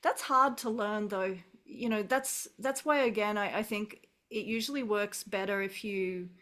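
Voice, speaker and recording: Speaking at a measured pace in a mid-range voice, this middle-aged Australian woman, an English teacher, muses through a casual video call. Her manner is relaxed and reflective, with frequent sentence restarts.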